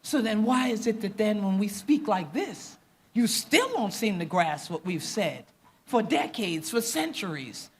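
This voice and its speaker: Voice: mid-range voice, husky. A speaker from the Gullah Geechee coast with a Gullah Geechee accent and Gullah as first language, giving an impassioned, emphatic conference talk that mixes Gullah creole and English. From Gullah Geechee coastal southeastern United States. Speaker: panel speaker. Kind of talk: conference speech.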